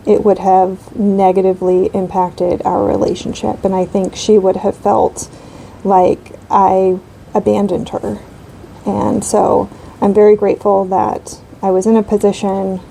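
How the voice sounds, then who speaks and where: A woman's voice: medium pitch, gravelly, dark tone, slight background noise, low-quality recording. A woman in her thirties chatting casually while she colors, rambling with lots of fillers. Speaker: coloring channel host.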